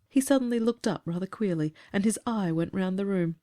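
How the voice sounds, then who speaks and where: A woman narrating a classic story in a composed, even reading. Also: mid-range voice, brisk.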